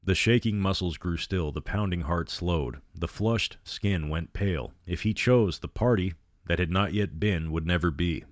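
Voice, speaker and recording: A man reads a horror story aloud in a steady, measured way. His voice is very low and deep. The sound is dry and close, with no echo. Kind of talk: reading a novel aloud.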